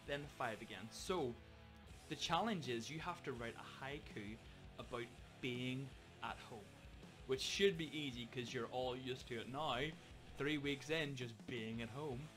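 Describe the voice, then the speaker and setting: A young man talks to kids as their drum teacher, upbeat and joking at his own expense. His voice sits at an ordinary middle pitch. Faint guitar music plays underneath. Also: fairly bright tone. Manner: jokey, upbeat, self-mocking. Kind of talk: casual video lesson for children.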